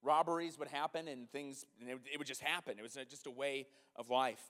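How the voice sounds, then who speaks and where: A man preaching a sermon, telling a story animatedly, dropping to a hush and then rising to loud exclamations. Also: mid-range voice, brisk. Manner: animated, swings from hushed to loud. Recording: long reverb of a large hall.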